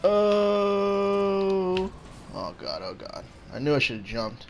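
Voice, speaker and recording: A man hosting a gaming channel, giving casual commentary on his own play and blurting out quick reactions and short shouts. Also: lowish voice, expressive, creaky, a little hiss or hum. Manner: talks to his opponent and himself.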